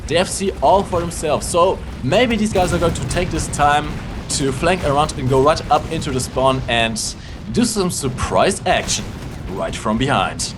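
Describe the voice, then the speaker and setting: A man's voice: a little high, lively intonation, moderate pace, noisy background. A man co-commentating a live tank game stream, breaking down tactics with cheeky humor. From Germany. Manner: analytical, cheeky, laughs often. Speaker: esports co-commentator.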